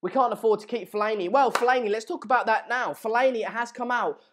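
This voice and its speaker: A woman hosting a casual live football transfer stream, talking in excitable, rambling banter full of asides. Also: fairly high pitch, fast. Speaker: host of a live transfer news show.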